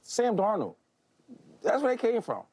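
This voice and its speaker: A man on a sports debate panel jokes and argues in loose, colloquial speech. His high voice swoops up and down in lively swings. The sound is dry and close. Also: unhurried, slightly rough, no room sound. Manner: animated, joking, colloquial.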